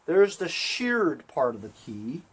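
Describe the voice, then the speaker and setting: A man's voice: a little high, very animated, slow, slightly rough. A man casually talking viewers through a lawn tractor engine repair while he works, chatting to them as he goes. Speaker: small-engine repair vlogger. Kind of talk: casual hands-on repair demonstration.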